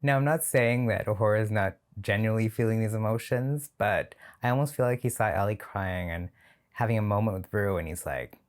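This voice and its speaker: A man's voice: lowish voice, brisk. A man hosting a reaction video, talking casually and sardonically and laughing often.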